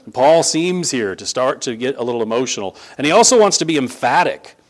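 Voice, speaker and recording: A man preaching a sermon in a conversational style that builds to emphatic, animated stress. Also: mid-range voice, brisk. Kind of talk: sermon teaching.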